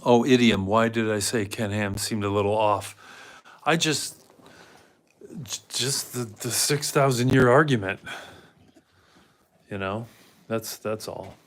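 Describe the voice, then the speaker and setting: A man's voice: lowish voice, takes it slowly, long pauses, fairly bright tone. A man hosting a casual livestream in a rambling way, reading out chat comments and talking to his dog now and then. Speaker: livestream host.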